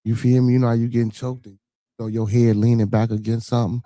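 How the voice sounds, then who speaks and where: A man's voice: mid-range voice, flat delivery, fast talker, warm tone, no room sound. A man hosting a podcast, giving loose, rambling, slang-heavy commentary peppered with swearing. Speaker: podcast host commenting on a clip.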